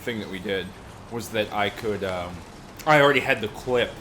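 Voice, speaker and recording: A man's voice: on the low side, normal speed, pushed and bright, a little hiss or hum. Playful teasing man chatting over a game. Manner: playful teasing, laughs often. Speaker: let's play co-host. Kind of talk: casual gaming commentary.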